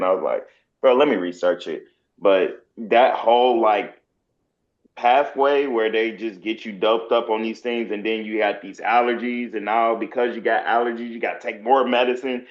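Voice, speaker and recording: A young adult man, a podcast guest, ranting heatedly with plenty of swearing. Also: lowish voice. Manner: heated, profane rant. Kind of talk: casual podcast chat. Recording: dull lo-fi sound.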